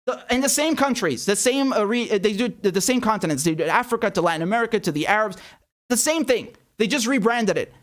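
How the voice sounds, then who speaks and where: A man's voice: sits high, expressive, fast, a bit bright. A man hosting a political commentary show, ranting with anger and profanity, often repeating himself, then mocking headlines sarcastically. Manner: angry, profane, repetitive ranting.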